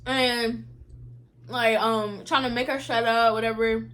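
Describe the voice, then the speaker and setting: A young woman vlogger telling a casual storytime, slangy and animated, acting out what others said. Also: a little high, unhurried. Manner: animated, slangy, acts out quotes.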